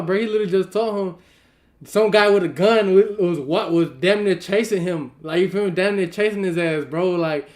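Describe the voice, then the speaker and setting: A man's voice: sits high, darkish tone. A man co-hosting a casual podcast who reacts with emphatic, profane indignation.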